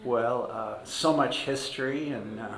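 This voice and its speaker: A man filming for the archives, chatting in a friendly, halting way full of fillers. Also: medium pitch, vocal fry, fairly bright tone. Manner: hesitant, friendly, many fillers. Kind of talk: casual chat. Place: indoor public building at a dedication. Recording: roomy echoey hall.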